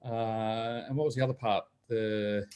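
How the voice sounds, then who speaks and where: A man's voice: fairly low pitch, steady tone, unhurried, a little mellow. Chatty man telling stories. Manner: chatty storyteller, acts out quoted voices. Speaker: guest. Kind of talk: casual chat.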